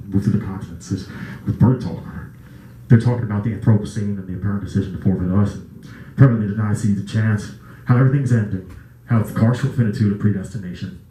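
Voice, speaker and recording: Performing spoken word at an open mic, a man chants his poetry in a repetitive, incantatory style, dropping in occasional casual asides. The poor recording, made in an echoey room at a small indoor music venue, captures a fairly low, dark voice.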